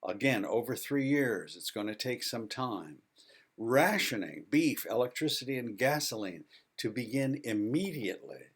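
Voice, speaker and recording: A man presenting his book in a spoken video lecture, reading out a list with emphatic, wry asides. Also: medium pitch.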